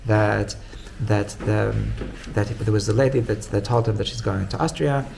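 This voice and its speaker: A man's voice: fairly low pitch, normal speed, vocal fry, background noise. A man, a rabbi, giving an informal Torah class in a conversational way. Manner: conversational, retells stories with quoted dialogue.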